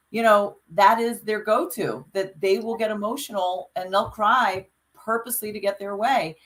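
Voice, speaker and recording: An earnest woman on a podcast, speaking at an ordinary mid pitch. She talks like a coach, urging listeners on in casual conversation and often restarting her sentences. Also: a bit bright, low-quality recording. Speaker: podcast co-host.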